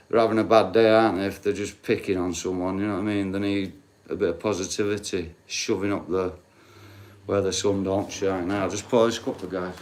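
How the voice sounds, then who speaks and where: A man's voice: fairly low pitch, slight background noise. A man in his late forties with a Yorkshire accent, chatting casually to his live-stream viewers, swearing freely and talking straight to the chat. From Yorkshire, England. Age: 40s. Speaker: livestreamer.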